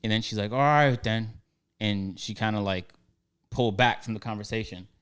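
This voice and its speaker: A man's voice: lowish voice, normal speed, clear, resonant tone. A young man casually telling a story on a podcast, acting out both sides with slang.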